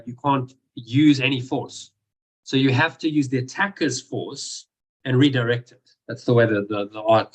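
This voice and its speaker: This group discussion and meditation leader has a mid-range, fairly bright voice, captured in a low-quality recording. He teaches casually through stories, frequently restarting and performing the quotes himself.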